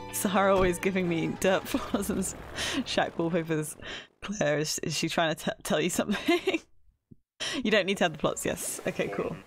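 A woman's voice: lowish voice, moderate pace, faint music behind. A young woman casually chatting with viewers while playing a game on a live stream, often laughing, squealing and calling herself silly. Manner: excitable, squeals and laughs often, self-deprecating.

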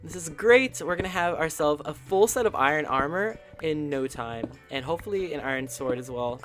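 A channel host giving casual, chatty commentary over a game, excitable and full of gasps and little coos. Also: medium pitch, moderate pace, few pauses, soft background music.

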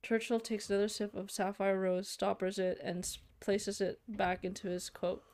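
A woman's voice: medium pitch, flat delivery, normal speed, darkish tone. A young woman playing a narrative game, reading its text aloud and reacting with shocked exclamations and casual fillers. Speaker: let's play streamer.

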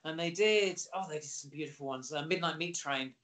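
Middle-aged guy, animated storyteller, kinda high voice, chatty interview guest. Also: a little fast. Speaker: actor guest. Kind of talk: casual interview anecdotes.

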